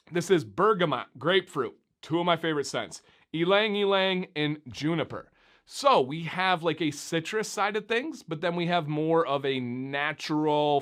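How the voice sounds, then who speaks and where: Looking right into the camera, a young Michigan man chats his way through a relaxed beard-oil review. He's lively and talkative, his voice pitched somewhat above the typical male range.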